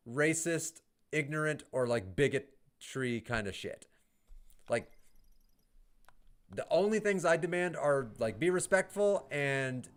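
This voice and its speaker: A man from the United States chatting on a livestream, answering chat, ranting heatedly and swearing with laughs in between. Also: on the high side. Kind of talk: casual livestream chat, reading chat.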